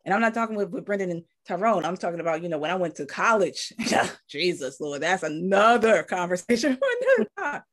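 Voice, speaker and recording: A woman's voice: fairly low pitch, sing-song, brisk, few pauses. Woman on a live talk show, heartfelt storytelling, does the voices when quoting folks. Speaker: co-host.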